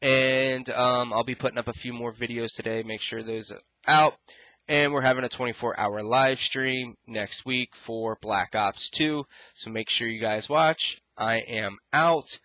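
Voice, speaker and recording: Frustrated young man ranting, bright voice. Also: medium pitch, unhurried, no room sound, lo-fi sound. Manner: frustrated, rambling, quotes others in exaggerated voices. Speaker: gaming YouTuber. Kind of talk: casual ranting vlog.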